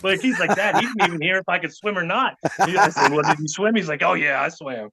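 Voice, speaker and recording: Middle-aged man, podcast guest storyteller; bright, slightly high voice, animated delivery, muffled lo-fi sound. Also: fast talker. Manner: animated, acts out quotes of others. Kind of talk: storytelling anecdote. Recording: dull lo-fi podcast audio.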